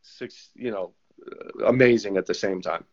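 A man, a former goalkeeper turned coach, telling animated stories in a casual interview and acting out the voices of people he quotes. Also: on the low side, moderate pace. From United States. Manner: animated storyteller who acts out quoted voices. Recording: slightly dull lo-fi sound.

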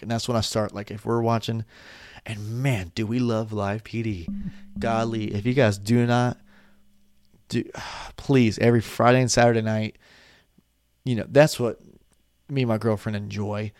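A man's voice: on the low side, level tone, normal speed, long pauses, a little mellow, dry recording, clean studio sound. A man in his twenties talking casually into a desk microphone at home, rambling off on tangents while sleepy and yawning. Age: 20s. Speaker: vlogger.

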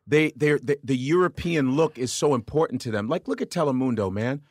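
This comedian, a guest in a podcast chat, has a mid-range voice and speaks a little fast. Animated and profane, he keeps breaking into mocking voices, recorded dry in a clean studio.

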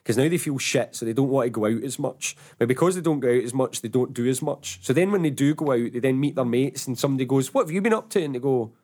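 A Glaswegian man chatting as a podcast guest and explaining through little stories. He slips into acted-out voices and swears freely. His pitch sits at an ordinary middle height for a man. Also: fast talker, hardly any pauses, darkish tone. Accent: Glaswegian Scottish. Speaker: podcast guest, author of a self-help book. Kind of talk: casual podcast chat.

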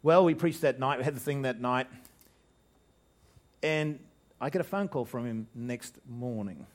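A man with an Australian accent preaching a sermon as pastor, animated, joking, and often restarting his sentences. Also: medium pitch, a little slow. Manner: animated preaching with jokes and frequent restarts, voice swelling for emphasis.

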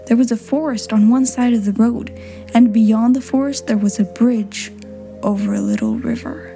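A woman narrating a storybook in a clear, simple reading style for learners. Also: fairly high pitch, mellow. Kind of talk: storybook read-aloud.

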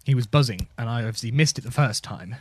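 A man co-hosting a comedy podcast, offering absurd explanations with a deadpan delivery. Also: medium pitch, quick pace, husky. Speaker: podcast co-host. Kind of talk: casual comedic chat.

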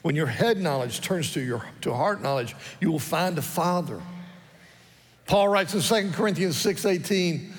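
A man preaches with an earnest pulpit delivery, his voice sitting a little higher than most men's. He leans on his key phrases and says them twice. A long church-hall reverb trails every line. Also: animated, moderate pace. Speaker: pastor. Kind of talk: sermon. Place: church sanctuary.

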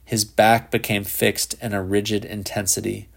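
A male narrator reads a literary short story in a measured, even delivery. His voice sits fairly low and stays steady through the telling. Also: creaky. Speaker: audiobook narrator.

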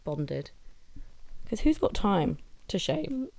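A woman's voice: medium pitch, very animated, slow pace, vocal fry, darkish tone, no echo. Laid-back young woman, dry close mic. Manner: playful, bickering, laid-back. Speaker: podcast co-host. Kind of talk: casual chat. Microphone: handheld mic.

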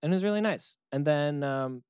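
A man's voice: a little high, brisk, darkish tone, smooth, no room sound. A man telling a rambling comedic story in casual chat, acting out the characters. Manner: rambling, acts out characters, laughs often.

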